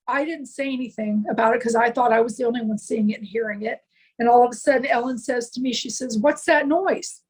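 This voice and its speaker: A woman's voice: a little high, low-quality recording. A middle-aged woman guest telling a personal story in an interview, earnest and rambling, with many restarts and fillers. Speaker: guest, paranormal consultant.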